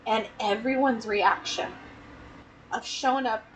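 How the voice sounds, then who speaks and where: A woman's voice: a little high, steady tone, unhurried, a little hiss or hum, poor audio. A woman co-hosting a casual chat, asking probing follow-up questions. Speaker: podcast co-host.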